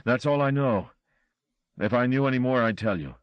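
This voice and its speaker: A man's voice: medium pitch, animated, moderate pace, clear, resonant tone, dry recording, highs cut off, pitched above the performer's own voice, close to an everyday voice. A man reading an audiobook voices a frightened male chauffeur who blusters and pleads.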